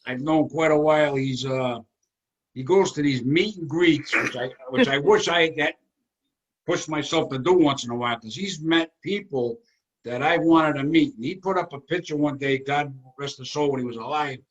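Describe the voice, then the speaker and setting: A man's voice: a little high, moderate pace, muffled recording. A man hosting a casual comedy chat over a video call, teasing his guests and laughing often. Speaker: host.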